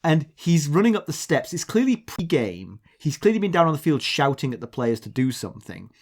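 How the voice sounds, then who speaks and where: A man with an English accent, co-hosting a podcast and telling a long anecdote in casual chat. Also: a little fast. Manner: chatty storyteller, animated pitch, mimics accents in quotes. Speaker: podcast co-host.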